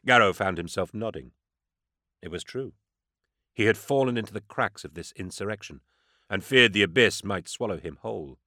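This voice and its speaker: Man narrating with a forceful, dry voice. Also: lowish voice, moderate pace, dry recording. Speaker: audiobook narrator. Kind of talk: scripted narration.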